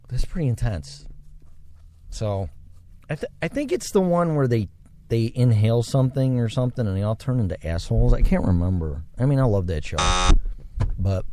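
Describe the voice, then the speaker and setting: A man talks alone into the mic for his own show, wandering from thought to thought. His voice sits low and dark, yet his pitch rises and falls with lively swings. He sounds reflective and a little preachy. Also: slight background noise. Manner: rambling, reflective, religious. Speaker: podcast host. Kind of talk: solo casual monologue.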